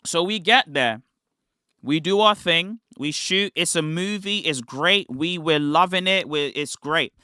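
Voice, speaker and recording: A young British man tells stories casually on his livestream, using loose slang, rambling and restarting sentences as he goes. His voice is bright and forceful, a little high for a man. The recording is crisp and very dry, with no room sound.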